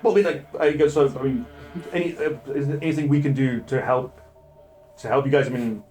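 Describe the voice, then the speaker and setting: A man's voice: medium pitch, steady tone, a little mellow, soft background music, close to an everyday voice. A man voicing a friendly, weary male police sergeant who hedges and stumbles over his words. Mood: neighbourly. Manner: halting, hedging, full of "I mean".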